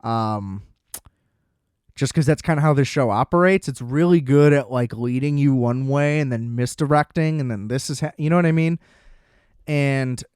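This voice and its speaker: A man talking alone into a close podcast mic, rambling and swearing with excitement. His voice sits a bit higher than most men's. The sound is dry and close, with little room around it. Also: no room sound. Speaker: podcast host. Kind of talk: casual solo podcast rant.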